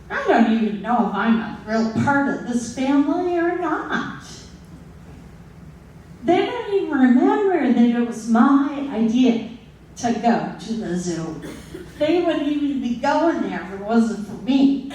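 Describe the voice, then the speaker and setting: Woman, 60s, live storyteller; slightly high voice, unhurried comic delivery, distant miked in a reverberant room. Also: animated, a little mellow, a little hiss or hum. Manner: slow, comic, with dramatic pauses. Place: stage at a live story slam. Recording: very echoey hall, distant mic.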